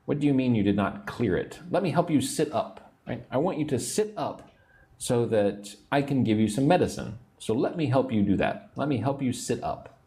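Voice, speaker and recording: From the United States, this man has a medium-pitched, warm voice with lively intonation and a normal pace. Teaching English on a livestream, he patiently repeats words for learners while sounding somewhat sleepy and yawning.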